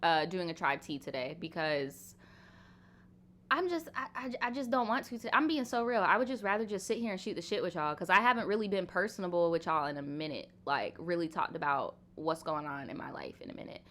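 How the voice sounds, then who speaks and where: A woman's voice: fairly low pitch, animated, fairly quick, fairly bright tone, slight background noise. A young woman in her twenties hosting a casual live Q&A stream, talking frankly with lots of fillers and swearing. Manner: chatty, frank, swears casually, many "like"s and laughs. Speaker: livestream host.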